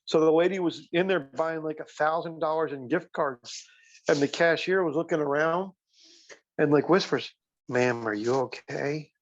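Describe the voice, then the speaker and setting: A man's voice: a little high, steady tone, moderate pace, dull audio. A man co-hosting a podcast, telling rambling stories in casual chat, full of fillers and restarts. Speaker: podcast co-host.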